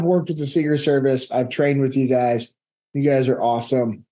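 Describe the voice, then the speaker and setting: A man, a leadership instructor, answering audience questions in a casual, direct way, laughing easily and getting animated. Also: medium pitch, normal speed. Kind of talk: casual Q&A talk.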